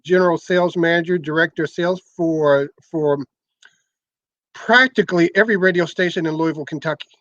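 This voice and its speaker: A man's voice: fairly high pitch, fairly quick, fairly bright tone, dry recording. Older guy explaining radio stuff, trips over words a lot, muffled dry recording. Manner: repeats words and restarts often, explanatory. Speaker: interview guest, former radio sales manager. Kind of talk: conversational interview.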